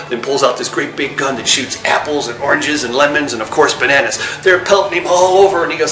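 A man chatting casually as host while he retells old comic gags. His voice sits at a middle pitch, and it echoes in the room. Music plays behind him. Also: a little fast, few pauses, pushed and bright. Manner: chatty storyteller acting out jokes.

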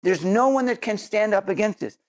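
A man's voice: high-pitched, expressive, a little fast. Earnest man preaching a sermon. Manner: earnest, repeats words while searching for them. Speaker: Messianic Jewish teacher. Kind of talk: sermon with closing prayer.

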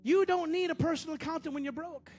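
A man preaching a sermon as pastor, repeating phrases and swinging between loud bursts and low murmurs. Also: fairly even intonation, quick pace, faint music behind.

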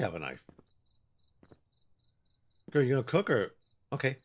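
A man's voice: medium pitch, wildly swooping pitch, unhurried, long pauses, breathy edge. A man giving joking, sassy commentary while he plays a horror game, bantering with the characters on screen. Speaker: gaming channel host.

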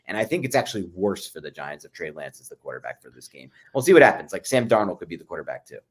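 A man's voice: low-pitched, sing-song, fast, husky. A man co-hosting a football podcast, giving emphatic, opinionated analysis and often addressing his co-host by name. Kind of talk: sports analysis chat.

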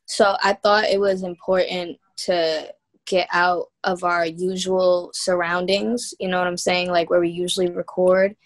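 A woman's voice: lowish voice, flat delivery, a little slow. A young woman from New York, a guest musician telling stories in a loose, slangy, laid-back way during a casual interview chat.

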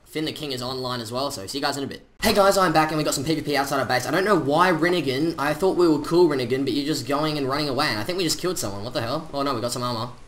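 A man giving chatty, excitable commentary over his own gameplay, full of slang. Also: mid-range voice, very fast, hardly any pauses. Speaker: gaming channel host.

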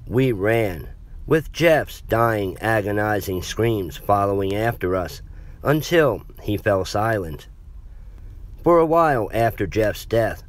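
A man reading a horror story as a narrator in a measured, dramatic way. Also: lowish voice.

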